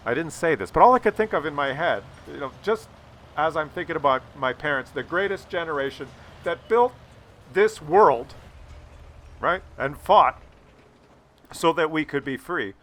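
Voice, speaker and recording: A man's voice: on the high side, expressive, moderate pace, a bit bright. An older man telling a rambling, sarcastic, profane story as a gaming YouTuber talks over gameplay.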